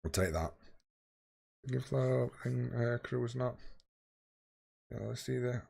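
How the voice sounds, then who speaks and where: A man's voice: mid-range voice, slow, gravelly, dark tone. A man in his late thirties live-streaming a game, chatting casually and swearing freely with his viewers while tired and yawning. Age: 30s. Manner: swears freely, bantering with chat.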